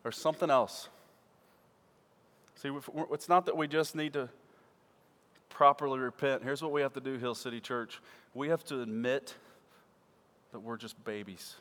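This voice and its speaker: A man preaching a sermon to his church, swinging from loud emphatic peaks to quiet low asides. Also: moderate pace, long pauses. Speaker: pastor. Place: church sanctuary. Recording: church hall with long reverb.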